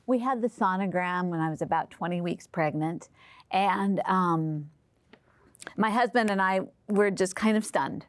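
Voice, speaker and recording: A middle-aged woman in an interview, talking about her family in a hesitant way with many pauses and fillers. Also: lowish voice, no room sound. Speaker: interviewee, mother of the guest. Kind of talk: personal interview.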